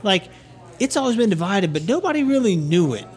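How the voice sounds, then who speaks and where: High-voiced, blunt man cracking crude jokes. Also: big pitch swings, brisk. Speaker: podcast co-host. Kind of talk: casual chat.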